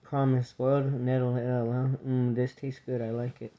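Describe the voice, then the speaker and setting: A man voicing a kindly elderly male abbot who speaks gently and patiently, on a dull lo-fi recording. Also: mid-range voice, level tone, moderate pace, lightly acted. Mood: gentle. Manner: gentle, patient and soft-spoken.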